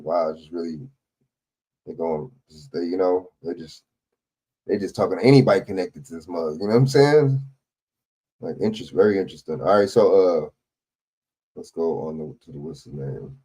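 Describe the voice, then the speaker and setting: A man's voice: sits low, mellow. A man hosting a livestream, giving loose casual commentary on news clips and tossing rhetorical questions at his viewers. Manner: rambling, restarts, asks the audience rhetorical questions. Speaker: livestream host.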